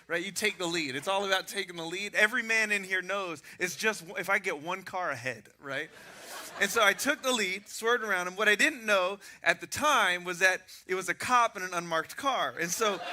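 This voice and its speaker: A pastor delivers his sermon in a high voice with a very bright, sharp edge. He tells animated stories and pokes fun at himself along the way. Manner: animated storytelling with self-mocking humor.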